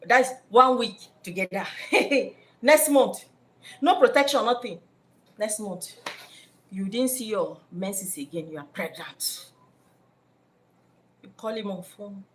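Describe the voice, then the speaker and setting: A woman with a Nigerian accent giving spiritual life advice in an animated way, acting out scenes in different voices. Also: mid-range voice, a little slow, a little hiss or hum.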